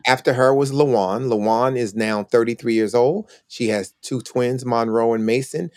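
A man's voice: mid-range voice, normal speed, a little mellow, no room sound, clean studio sound. A man in his sixties, a retired police officer, telling personal stories as a podcast guest in a reflective way. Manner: reflective, acts out quoted family members. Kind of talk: storytelling interview talk.

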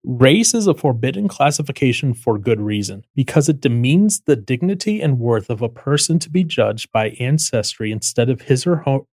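A man's voice: medium pitch, lively intonation, normal speed, hardly any pauses, a little mellow, dry recording. A man hosting a casual political talk, explaining things step by step with frequent restarts. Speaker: podcast host.

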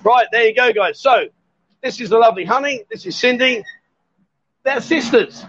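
Man, high voice, jokey live-stream host in a bar, dull lo-fi sound. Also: moderate pace, a bit bright, a little hiss or hum. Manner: jovial, teasing banter. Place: bar, indoors.

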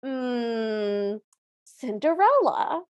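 A woman's voice: on the high side, big pitch swings, extremely slow, dry recording, muffled recording, heavily acted. A woman putting on the voice of a haughty, bossy stepmother while retelling a fairy tale film, stretching out her commands. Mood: imperious.

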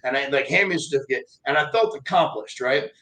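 A man's voice: medium pitch, quick pace, poor audio. A man, a motivational speaker telling a story in casual chat and acting out the voices of the people in it. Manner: animated, acts out quoted voices.

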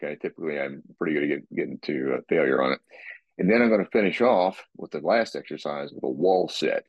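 A man talking casually about his workout, rambling and restarting his sentences and clearing his throat often. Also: extremely low pitch, fast talker, no room sound, lo-fi sound. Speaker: guest describing his workout. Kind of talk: casual podcast talk.

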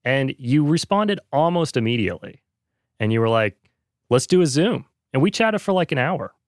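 A man's voice: mid-range voice, very animated, normal speed, dry recording, studio quality. A man in casual podcast conversation, talking earnestly with lots of fillers. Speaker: podcast host, guest.

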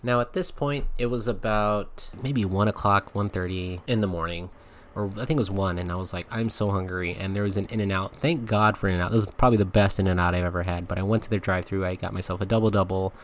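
A low-voiced man hosts a podcast and tells a frank, comic story in loose, chatty fashion. He laughs often as he goes, and a faint hiss sits under his voice. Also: steady tone, quick pace. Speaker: podcast host. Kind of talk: casual storytelling monologue.

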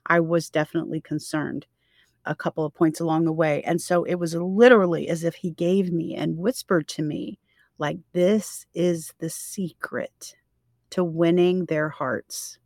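A woman's voice: low voice, fairly even intonation, normal speed, gravelly, darkish tone, no room sound, studio quality. A woman co-hosting a faith-based parenting podcast, talking in an earnest, reflective way and sometimes reading scripture aloud. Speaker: podcast co-host.

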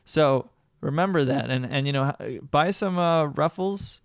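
A man's voice: on the high side, unhurried, vocal fry, clean tone, dry recording, clean studio sound. A man co-hosting a podcast in casual chat, playful and bantering as he reads listener reviews aloud. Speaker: podcast co-host.

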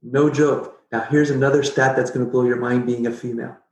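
A middle-aged man telling a personal story as a podcast guest, animated and jokey, acting out his own past reactions. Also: medium pitch, a little fast. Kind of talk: casual storytelling interview. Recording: roomy echo.

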